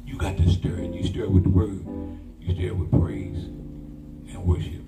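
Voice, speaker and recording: Preaching at normal speed, this older pastor has a low, creaky voice with little pitch movement. He's colloquial and emphatic, drawing call-and-response from the congregation, while loud guitar music plays in the echoey room.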